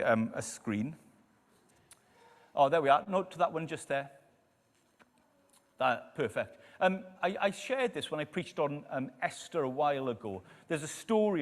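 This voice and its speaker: A man preaching a sermon in a church, telling stories and dropping to quiet emphasis on key lines. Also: mid-range voice. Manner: storytelling, lively, drops to quiet emphasis. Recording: echoey church hall.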